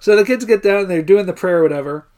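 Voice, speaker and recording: A man co-hosting a casual podcast, rambling through a movie's plot with plenty of swearing. He laughs a lot and jumps into loud impressions of the characters as he goes. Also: high-pitched, very fast. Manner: rambling, profane, laughs often, acts out lines in loud voices. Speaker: podcast co-host. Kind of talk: casual chat recapping a movie.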